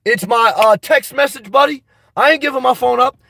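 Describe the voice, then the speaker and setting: A man's voice: very high voice, moderate pace, vocal fry, pushed and bright, no room sound. A man chatting casually on a live stream, answering viewers' comments in a boisterous, blunt, profane way, a little congested. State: slightly congested. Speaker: vlogger reading live chat.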